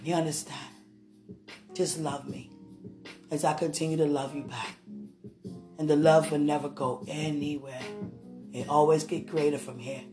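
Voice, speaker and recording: A woman's voice: low-pitched, level tone, moderate pace, pauses often, music in the background. A woman talking straight to someone she loves in a rambling, affectionate monologue, often checking with "you understand?". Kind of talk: emotional monologue to a loved one. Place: sitting on a bed indoors.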